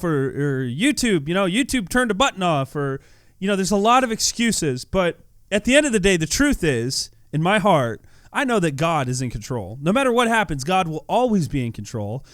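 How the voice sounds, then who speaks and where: A man talks through a gameplay video with casual, earnest devotional commentary. His voice sits a little high for a man, and he often repeats words in his animated delivery. The recording is dry, with no room sound. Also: moderate pace, dry recording. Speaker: YouTuber.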